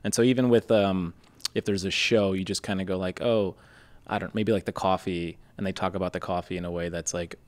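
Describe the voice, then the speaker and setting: A man hosts a relaxed interview in a low voice. He talks at a quick clip and acts out little quoted exchanges as he tells his stories. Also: dry recording. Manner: quick, animated storytelling with acted-out quotes. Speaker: podcast host. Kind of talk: casual interview chat.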